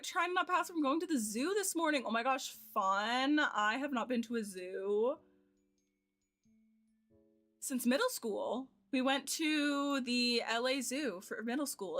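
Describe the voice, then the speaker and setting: An American woman in her twenties, a streamer chatting casually and giggling as she thinks aloud while playing a game. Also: on the high side. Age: 20s. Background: soft game music.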